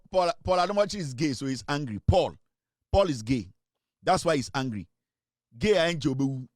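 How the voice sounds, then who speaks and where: A man whose voice sits on the high side hosts an online talk show with a Ghanaian accent, delivering a casual commentary monologue. He teases the audience with repeated rhetorical questions and mixes English with Twi, recorded cleanly in a studio without room sound.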